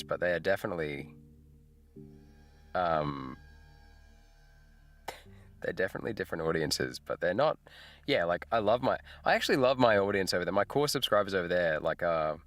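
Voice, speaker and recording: A man's voice: deep voice, a bit bright. A middle-aged man, hosting a casual livestream chat, laid-back and rambling, laughing often. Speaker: livestream host. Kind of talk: casual live chat with viewers.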